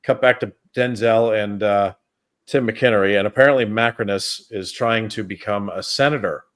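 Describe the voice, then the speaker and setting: A man's voice: fairly low pitch, moderate pace, fairly bright tone. A man hosting a film review podcast, chatting casually in a rambling way with plenty of fillers. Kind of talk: casual chat.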